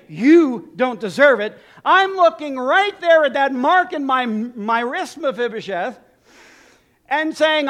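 A man's voice: extremely high pitch, fairly bright tone, exaggerated voice. A man preacher voicing a kind, generous king from an old story, speaking earnestly and with emphasis.

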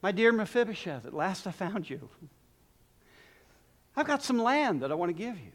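Male preacher doing a generous king; earnest, emphatic, highish. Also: fairly bright tone, heavily acted. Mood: tender. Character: kind generous king, grown man, warm-hearted.

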